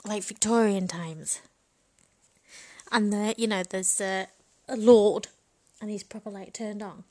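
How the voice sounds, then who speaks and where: A woman's voice: mid-range voice, steady tone, slow pace, a little mellow. Bawdy woman rambling. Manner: frank, bawdy, chatty, laughs often. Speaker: vlogger. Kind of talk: comedic rambling monologue.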